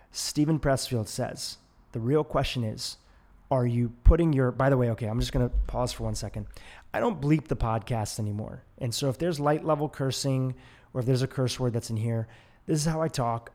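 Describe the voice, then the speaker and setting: Casual solo podcast host, a man. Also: medium pitch. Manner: casual, self-correcting, animated when voicing inner doubts.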